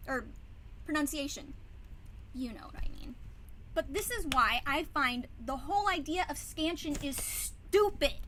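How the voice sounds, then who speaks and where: A woman's voice: high-pitched, bright, forceful tone, a little hiss or hum, rough recording. A young adult woman vlogging a blunt, sarcastic, casual rant, with sighs and wry asides.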